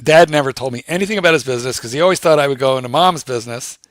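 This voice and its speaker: A man co-hosting a livestream, telling a story in a casual, animated way and swearing freely. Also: mid-range voice, racing, dry recording, studio quality. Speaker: co-host.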